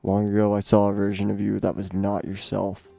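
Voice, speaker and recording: A man's voice: lowish voice, monotone, a little fast, vocal fry, warm tone, no echo, soft background music. A man voicing a solemn, cryptic small cloaked man speaking in riddles. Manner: cryptic, grave.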